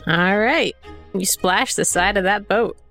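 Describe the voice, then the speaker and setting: A woman running a tabletop role-playing game as game master, briskly narrating the rolls and often laughing. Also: medium pitch, fairly bright tone, soft background music.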